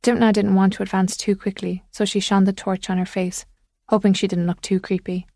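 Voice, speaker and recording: A woman narrating a thriller audiobook in a measured, suspenseful way. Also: mid-range voice, little pitch movement, mellow, no echo, clean studio sound.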